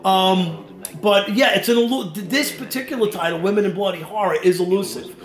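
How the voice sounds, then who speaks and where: A man with a New York accent chatting on a film commentary track, halting and restarting often. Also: sits high. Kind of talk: casual commentary-track chat. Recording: echoey room with faint music.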